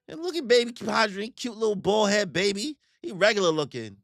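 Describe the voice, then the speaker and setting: A young man with a high-pitched voice and vocal fry talks fairly quickly, with hardly any pauses, reacting live to a manga chapter. He's joking, animated, and slangy, acting out the characters in put-on voices. The recording is dry with clean studio sound.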